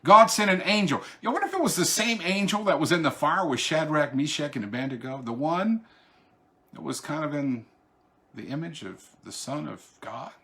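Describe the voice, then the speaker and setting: A man's voice: on the high side, expressive, normal speed, a bit bright. A man, a pastor, teaching a Bible study online in a conversational way, with asides and restarts, raising his voice when he reads scripture. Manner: reads scripture aloud in a raised, declaiming voice.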